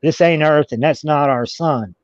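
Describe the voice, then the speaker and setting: A man's voice: a little high, moderate pace, dry recording, close to an everyday voice. A man putting on the voice of an offhand, friendly fellow captive in a story he tells. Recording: dull lo-fi recording.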